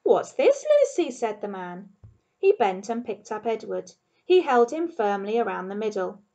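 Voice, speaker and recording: A primary school teacher, a woman, reading chapters of a children's novel aloud in a calm, expressive storytelling voice. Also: medium pitch, moderate pace, vocal fry. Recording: dull lo-fi recording.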